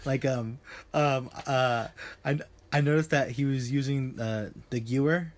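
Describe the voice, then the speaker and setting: A man's voice: medium pitch, a little slow. A young man hosting a podcast in casual chat, rambling and joking, swearing often and trailing off into fillers. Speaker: podcast host.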